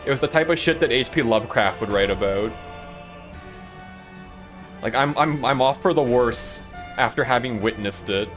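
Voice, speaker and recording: A man's voice: mid-range voice, moderate pace, long pauses, fairly bright tone, soft background music. A man streaming a game and telling rambling school stories in a casual way, with a lot of "like" and frequent laughs. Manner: rambling, laughs often, lots of "like". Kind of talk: casual storytelling while gaming.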